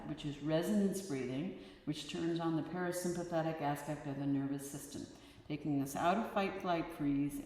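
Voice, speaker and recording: A woman yoga teacher leading a guided breathing class, giving calm, soothing instructions and counting the breaths. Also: low voice. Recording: echoey hall with long reverb. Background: soft instrument tones.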